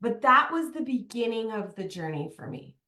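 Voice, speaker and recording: A young woman, a mom coach and podcast host, speaks candidly to other mothers in a motivational talk, chatty and emphatic and often saying "like." Her high-leaning voice swings widely in pitch and sounds pushed and bright at a moderate pace. The room is echoey.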